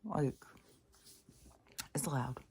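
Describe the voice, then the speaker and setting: A woman's voice: low-pitched, animated, very slow, a little mellow, slightly rough. A woman talking to camera at home late at night, rambling and restless, swearing freely, laughing at herself and sometimes dropping to a whisper. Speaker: vlogger. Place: home living room by the couch.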